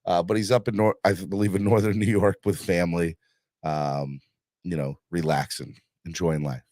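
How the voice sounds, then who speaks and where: Low-voiced hyped man hosting a livestream. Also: steady tone, moderate pace, a little mellow, no room sound, clean studio sound. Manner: hyped, pushes viewers for likes and donations; rambling with many fillers. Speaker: livestream host. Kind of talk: casual live-stream sports chat.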